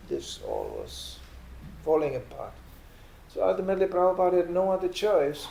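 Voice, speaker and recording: Male preacher, lively storyteller, mellow tone, roomy hall sound. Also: creaky. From Sweden. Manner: animated, acts out quotes with raised pitch. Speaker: spiritual lecturer. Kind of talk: storytelling sermon. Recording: echoey room.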